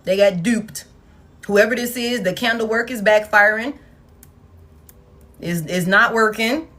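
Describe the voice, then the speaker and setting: A woman giving a collective tarot reading, blunt, profane and animated, talking straight to her viewers. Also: medium pitch, a little slow. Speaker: tarot reader.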